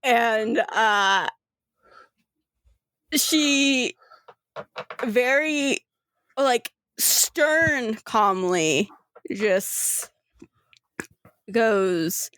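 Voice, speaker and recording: A woman's voice: mid-range voice, extremely slow, long pauses, a bit bright, no echo. A woman narrating a tabletop role-playing game as game master in a chatty, giggly way, with many fillers.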